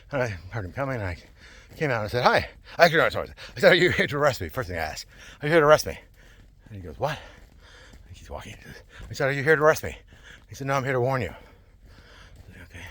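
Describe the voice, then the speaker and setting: Husky, animated man rambling to camera. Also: medium pitch. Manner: animated, digressive, laughs often, repeats himself. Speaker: vlogger.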